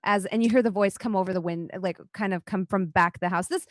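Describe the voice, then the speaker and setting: A woman's voice: medium pitch, fast, no echo. Brief: casual woman game master, descriptive narration, dry mic. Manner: casual, descriptive, many fillers. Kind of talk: narrating a tabletop role-playing game. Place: home, online session.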